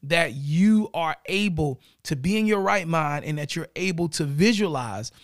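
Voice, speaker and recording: An energetic man in his thirties hosts a motivational podcast, talking to listeners in a slightly higher voice. The sound is dry and close, and he keeps checking in with a quick "right?". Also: no room sound. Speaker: podcast host. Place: home studio in South Florida.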